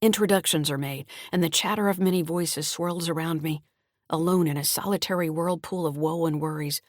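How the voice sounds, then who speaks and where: A woman with a low, deep voice narrates a mystery thriller in a calm, measured read. The sound is dry and close, with no room around it. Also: no room sound. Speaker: author and audiobook narrator. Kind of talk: scripted audiobook narration.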